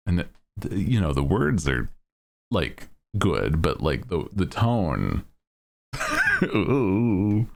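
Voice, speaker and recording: A man's voice: low voice, huge pitch swings, extremely slow, vocal fry. A man chatting casually while livestreaming a game, rambling playfully and laughing often. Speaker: game streamer.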